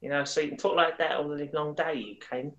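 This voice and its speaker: A man's voice: a little high, steady tone, a little fast, fairly bright tone, lo-fi sound. A man putting on a cheeky East End London man with a put-on East End accent, chirpy and slangy.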